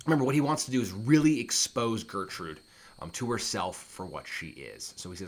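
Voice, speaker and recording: A man's voice: fairly low pitch, sing-song, fairly quick. A man teaching a play line by line, reading each line and then paraphrasing it plainly, with fillers and restarts. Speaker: literature teacher. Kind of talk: explanatory lesson.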